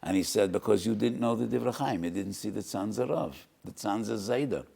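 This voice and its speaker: An older rabbi delivers a Torah lecture in a gravelly, low-pitched voice. His delivery swings widely in pitch, rising into emphatic rhetorical questions. He speaks with passion and weight. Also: expressive, brisk, warm tone.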